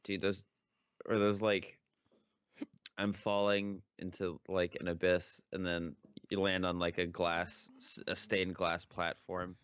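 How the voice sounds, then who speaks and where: A man's voice: deep voice, flat delivery, takes it slowly, fairly bright tone, smooth, dry recording, highs cut off. A tired man co-hosting a podcast, meandering playfully in casual chat. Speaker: podcast co-host.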